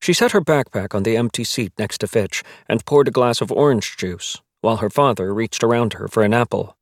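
A man reading a novel aloud as its narrator, telling the story in a measured, wry way. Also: on the low side, expressive, no echo, studio quality. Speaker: audiobook narrator. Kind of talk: scripted narration.

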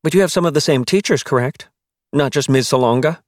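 Man putting on a brisk fussy mother. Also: medium pitch, dry recording, clean studio sound, voice pushed up, natural voice. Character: busy fussy mother, anxious about appearances.

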